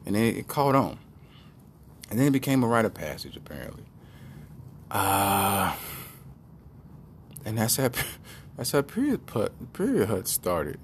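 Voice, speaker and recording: A man with a lowish voice riffs on odd news stories and drifts into made-up tales. His talk is loose, slangy and rambling, full of jokes, with a faint hiss behind him. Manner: loose, joking, rambling storyteller with slangy speech. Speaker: podcast host reacting to news. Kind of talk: comedic news commentary.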